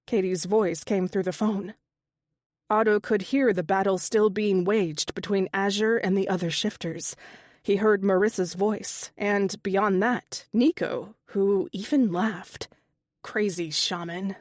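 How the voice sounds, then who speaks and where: A woman narrates a fantasy audiobook in a steady, even delivery. Her voice sits mid-range and sounds close and dry, with no room around it. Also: medium pitch, measured pace, no room sound. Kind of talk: scripted narration.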